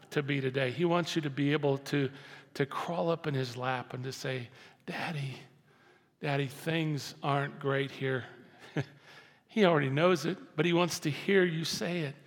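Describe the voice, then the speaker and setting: An older man preaching a sermon as pastor, dropping to soft intimate lows and rising to loud emphatic lines. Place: church sanctuary. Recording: long hall reverb.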